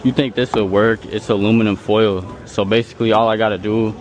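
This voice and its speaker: A man's voice: lowish voice, little pitch movement, fairly quick. A man chatting in a laid-back, slangy way in a shop. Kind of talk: casual chat in a store.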